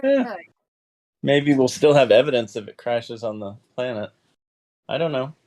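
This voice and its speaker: Lively, musing tabletop player. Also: medium pitch, measured pace. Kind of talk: casual tabletop game chat.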